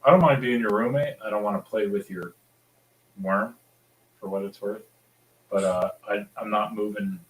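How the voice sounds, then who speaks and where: A man's voice: on the low side, fairly even intonation, normal speed, pauses often, rough recording. A man in a casual group chat who teases the others with dry quips.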